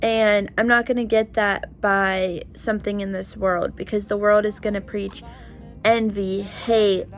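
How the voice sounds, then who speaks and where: A woman's voice: mid-range voice, level tone, measured pace, faint music behind. A young woman vlogging in a heartfelt, casual way, earnest and emotional, with lots of "like" and "you know". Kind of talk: heartfelt casual vlog talk.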